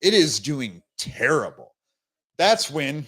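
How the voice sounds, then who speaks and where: A man's voice: fairly high pitch, expressive, moderate pace. A young man hosting a casual crypto livestream, talking bluntly and rambling with many restarts, fighting the hiccups and short of breath.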